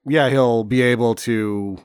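A man co-hosting a casual movie-review chat, retelling scenes wryly and acting out lines deadpan. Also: medium pitch, measured pace, clean tone, no echo, clean studio sound. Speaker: podcast co-host.

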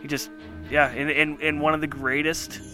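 A man's voice: on the high side, little pitch movement, normal speed, sharp tone, soft background music. A man co-hosting a casual chat show, talking enthusiastically and rambling with many fillers. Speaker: podcast co-host.

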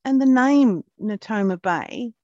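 A woman's voice: on the high side, animated, unhurried, mellow, no echo, dull audio. Woman interviewer asking tag questions. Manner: leading questions ending in tag questions.

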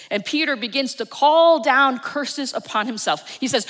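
A woman with a New Jersey accent preaching a Sunday sermon, telling the story with dramatic swings from loud to hushed. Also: a little high, expressive, moderate pace, few pauses. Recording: long church reverb.

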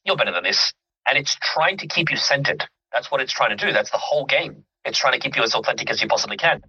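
Bright, husky man explaining earnestly. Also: mid-range voice. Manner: earnest, emphatic, checks in with listener. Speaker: mindset coach. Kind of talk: interview guest explaining with examples. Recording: dull lo-fi audio.

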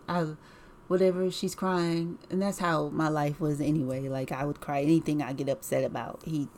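A woman's voice: sits low, darkish tone, a little hiss or hum. A woman telling a personal story in a casual, rambling way, with many fillers, restarts and repeated words.

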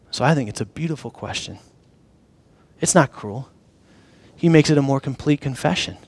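A man preaching a sermon in a casual, animated storytelling way, sometimes dropping to a soft, intimate low voice. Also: moderate pace, pauses often, slightly rough. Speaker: pastor.

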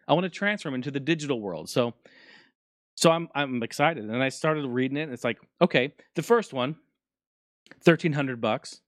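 A man's voice: medium pitch, no echo. Guy ranting on his podcast, swears a lot, voice jumps all over, dry close sound. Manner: profane, animated ranting. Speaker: podcast host. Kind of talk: casual solo podcast chat.

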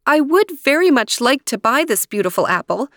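A woman's voice: sits high, big pitch swings, moderate pace, a bit bright, dry recording, clean studio sound, pitched above the performer's own voice, exaggerated voice. A woman voicing a sweet, kind young princess who speaks in an earnest, polite way. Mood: gentle.

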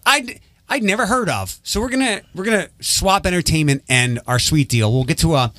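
A man's voice: on the high side, expressive, sharp tone, no echo. A man hosting a radio morning show, chatting casually with co-hosts in a dry, blunt manner and reading promos. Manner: dry, blunt, quick to correct others. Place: radio studio. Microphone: studio microphone.

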